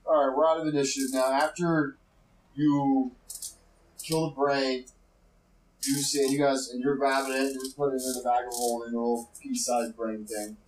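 A man's voice: mid-range voice, level tone, moderate pace, a little hiss or hum. Rambling game master man in echoey room. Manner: rambling, filler-heavy narration. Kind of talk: narrating a tabletop game.

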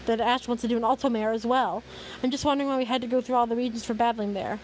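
A woman's voice: fairly high pitch, fairly even intonation, slight background noise, lightly acted, poor audio. A woman reading a puzzled young man. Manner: read aloud quickly, repeating phrases. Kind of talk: reading fan fiction aloud.

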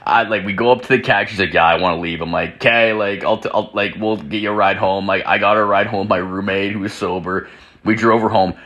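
A man's voice: lowish voice, steady tone, fast, sharp tone, lo-fi sound. A young man telling a crude story in a rambling monologue at home, full of "like" fillers and swearing, while drinking. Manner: rambling, heavy filler "like", profane. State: drinking whiskey. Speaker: podcast host. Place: home room with door open.

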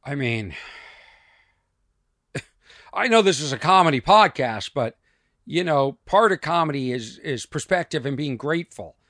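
A man hosting a comedy podcast, talking over a news clip in a halting, reflective way with many restarts. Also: fairly high pitch, animated, a bit bright, dry recording, studio quality. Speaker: podcast host. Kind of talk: casual commentary on a news clip.

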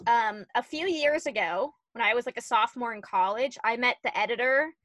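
A woman in her twenties co-hosting a podcast, telling stories in a chatty, animated way with lots of "like"s. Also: fairly high pitch, a little fast, dry recording. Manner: chatty, animated storytelling with many "like"s. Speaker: podcast co-host. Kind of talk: casual chat.

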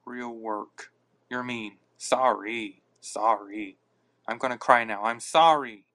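Slow-talking man rambling on a podcast. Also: medium pitch, pushed and bright. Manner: rambling, reacts to listener comments aloud. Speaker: podcast host. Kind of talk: casual live chat. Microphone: phone.

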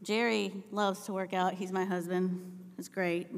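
A woman's voice: fairly low pitch, little pitch movement, measured pace, vocal fry. Woman preaching in an echoing hall. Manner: storytelling, rising to impassioned shouting. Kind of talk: sermon. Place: church sanctuary.

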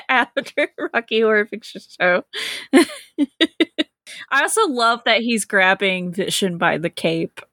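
A woman's voice: medium pitch, slow, long pauses, pushed and bright, no echo, clean studio sound. A woman co-hosting a casual comic-book chat podcast, laughing often as she jokes. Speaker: podcast co-host.

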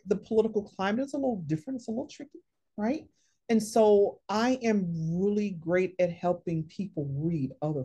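Brief: woman career coach, interview guest, lowish mellow voice, emphatic storyteller. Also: slightly rough. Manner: lively, emphatic, frequent tag questions.

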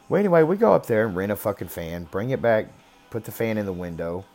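A man's voice: on the low side, expressive, fast, darkish tone, soft background music. A man casually telling a personal story in a blunt, rambling way, swearing constantly. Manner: talks about being raised rough.

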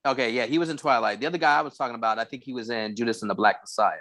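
A man co-hosting a casual movie review podcast, eager and full of quick agreements. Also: mid-range voice, a bit bright. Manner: quick, eager, repeats yeah a lot. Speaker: podcast co-host.

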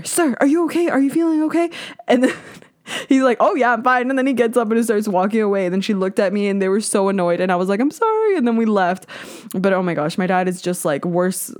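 Candid, swearing young woman podcast host. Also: darkish tone. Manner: candid, swears freely, mimics others with high squeaky voices. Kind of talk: casual solo podcast chat.

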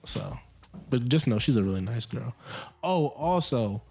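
A man's voice: medium pitch, expressive, unhurried, darkish tone, husky. A young man chatting casually on his podcast, joking and going off on rambling rants about his pet peeves. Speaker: podcast co-host. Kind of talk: casual chat.

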